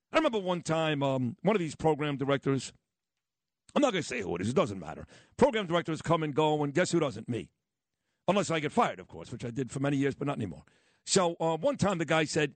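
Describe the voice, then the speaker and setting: A man's voice: fairly high pitch, quick pace, dry recording. A brash man with a New York accent holds forth on talk radio, his voice swinging widely up and down as he tells stories. He sounds blunt and unfiltered. The sound is close and dry, with no room around it. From Brooklyn. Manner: blunt, brash, animated storytelling. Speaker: radio host. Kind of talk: opinionated talk radio monologue.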